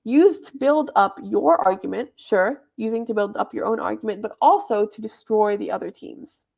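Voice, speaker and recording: In a debate club workshop, a young woman informally and chattily explains what judges look for. Her mid-range voice carries vocal fry and a darkish tone, delivered at a moderate pace.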